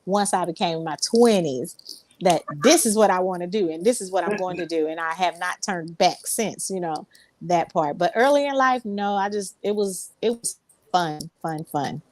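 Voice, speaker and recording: A woman's voice: lowish voice, moderate pace, a little mellow. A woman singer, a guest in an interview, telling her story in a rambling way, full of ums and restarts. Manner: rambling, many fillers and restarts. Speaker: Southern soul singer, guest.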